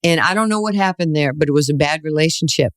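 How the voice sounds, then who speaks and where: A woman in her sixties from New York, a guest telling lively stories in an interview and acting out the voices in them. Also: low voice, fast talker, clean tone, no room sound, studio quality. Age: 60s. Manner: animated storyteller, acts out quoted voices, laughs often. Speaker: guest, former basketball player. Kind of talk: storytelling interview.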